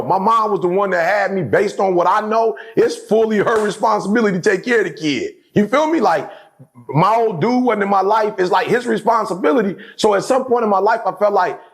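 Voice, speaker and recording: A man's voice: high-pitched, normal speed. A middle-aged man speaking emphatically as a guest in a casual conversation. He repeats his points and keeps checking in with his listener. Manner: emphatic, repeats phrases, keeps asking "you know what I'm saying".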